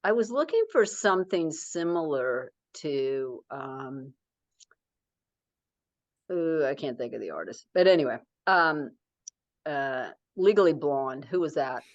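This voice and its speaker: A woman's voice: low-pitched, sing-song, slow pace, no room sound, dull audio. A middle-aged woman author talking casually in an interview, rambling with many fillers and restarts.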